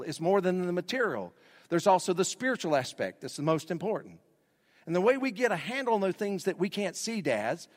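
A male pastor delivering a sermon, building emphasis through repeated phrases. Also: on the high side. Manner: preaching with rising emphasis and repetition. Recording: long hall reverb.

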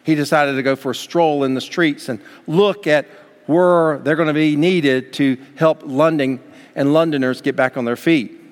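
A man's voice: on the high side, fairly even intonation, normal speed. A man preaching a sermon as pastor, from the United States, building to fervent emphasis. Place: church sanctuary. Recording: long hall reverb.

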